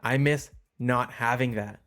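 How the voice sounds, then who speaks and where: A man's voice: medium pitch, unhurried, a bit bright, faint music behind. A man co-hosting a podcast in casual chat, easygoing and joking, agreeing readily. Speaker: podcast co-host.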